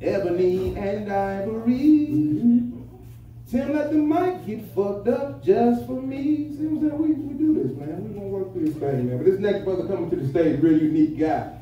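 A man's voice: sits high, lively intonation, moderate pace, distant mic, lo-fi sound. A man hosting a comedy night, bantering loosely and swearing, on a handheld mic in a nightclub. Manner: loose, swearing, hyping the crowd. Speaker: comedy show host. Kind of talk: stand-up emcee banter. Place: nightclub stage. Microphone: handheld stage mic. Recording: echoey club, voice from afar.

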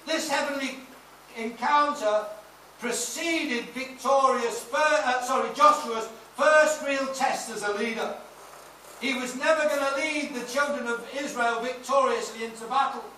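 Man, 60s, pastor. High, sharp, emphatic preaching delivery with storytelling; recorded at a distance in a booming church hall. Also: unhurried, a little hiss or hum. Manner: emphatic preaching with anecdotes and shouted praise. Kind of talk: sermon. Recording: echoey hall, mic off at a distance.

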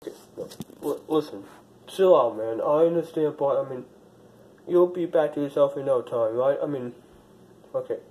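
A young man playing an anxious friend who pleads and apologizes in soft tones in an amateur phone-call drama. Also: mid-range voice, moderate pace, roomy sound, recorded from a distance, lightly acted. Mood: placating.

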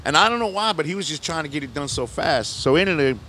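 A man's voice: fairly high pitch, animated, fast, pushed and bright, a little hiss or hum. A middle-aged man, a rapper, telling a long story in a casual interview, rambling in loose slang, restarting sentences and often asking "you know what I'm saying". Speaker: rapper guest on a podcast.

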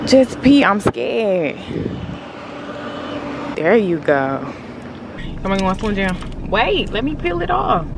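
A woman's voice: mid-range voice, sing-song, slow pace, long pauses. Chatty woman vlogging from her car. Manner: chatty, profane, talks to herself and her dog. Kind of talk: casual driving vlog. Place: inside a car on a road trip. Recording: dull lo-fi audio with loud road noise.

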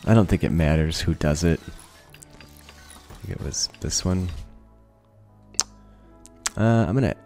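A man's voice: a bass voice, creaky, a little mellow. A man giving casual let's-play commentary, thinking aloud, swearing freely and laughing often. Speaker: gaming video creator.

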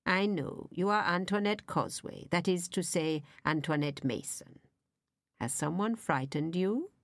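Calm, gentle older nun, read by a woman. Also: on the low side, dry recording, clean studio sound. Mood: calm reassuring. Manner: calm, measured and slow. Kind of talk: audiobook reading.

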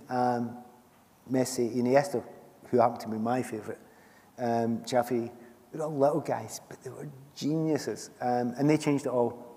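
A man's voice: mid-range voice, dark tone. A middle-aged Scottish man, a guest author on a festival stage, talking in a chatty storytelling way and laughing often. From Scotland. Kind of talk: stage conversation at a book festival. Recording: long hall reverb from a festival stage.

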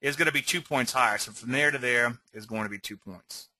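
A man's voice: mid-range voice, fairly quick, pushed and bright, no echo. A man teaching swing trading on a live webinar, rambling and conversational, often checking in with "okay?". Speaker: trading educator.

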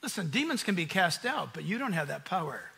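A man preaching a sermon at a conference in an American accent, animated and acting out the voices he quotes. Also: high-pitched, brisk, gravelly, slightly rough. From United States. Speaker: pastor. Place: conference hall.

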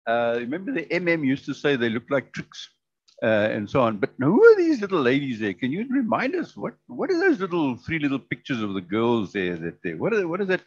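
Man, forum host, husky voice, chatty and jovial, dull lo-fi sound. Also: medium pitch, a little fast. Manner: chatty, jovial, bursts of excitement. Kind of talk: moderating a public forum. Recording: dull lo-fi recording.

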